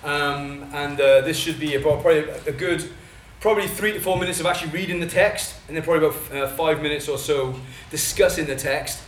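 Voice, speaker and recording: A Welsh man teaching a church training session, talking fast and excitedly with many fillers and restarts. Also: fairly high pitch, a little hiss or hum. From Wales. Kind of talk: teaching talk at a workshop. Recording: echoey room, mic at a distance.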